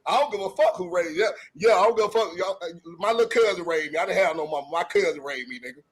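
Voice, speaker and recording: A man's voice: sits high, fast, husky. A man on a live-stream call, talking trash in a brash, cursing, hyped way. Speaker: show regular. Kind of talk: casual chat on a live stream.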